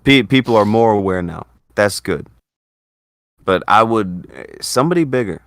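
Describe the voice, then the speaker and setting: A man's voice: on the low side, animated, normal speed, fairly bright tone, dry recording. A man hosting a casual commentary chat, blunt, profane and exasperated. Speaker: host.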